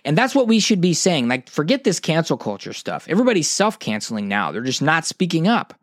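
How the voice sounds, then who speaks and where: A man's voice: a little high, sing-song, fairly quick, dry recording, clean studio sound. A man, hosting a podcast monologue in a passionate, preachy way, often restarting his sentences. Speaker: podcast host.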